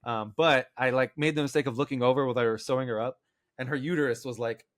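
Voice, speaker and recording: Male podcast co-host, casual rambling storyteller who acts out quotes, mid pitch, dry close mic. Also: fairly even intonation, quick pace, fairly bright tone, no echo. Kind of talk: casual storytelling among friends.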